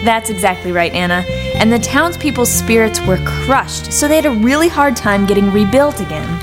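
Woman doing a patient but firm teacher, bit higher voice. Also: brisk, music in the background, natural voice. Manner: calm, firm. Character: patient firm female schoolteacher. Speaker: schoolteacher.

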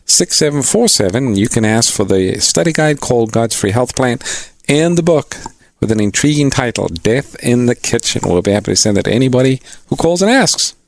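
A male co-host of a religious call-in show who reads out the resource phone line and welcomes each caller. His pitch moves a lot, and the sound is dry and close. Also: lively intonation, normal speed, gravelly, dry recording. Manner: announcer-like, reads phone numbers and introduces callers. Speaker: radio co-host taking calls. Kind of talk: call-in radio hosting.

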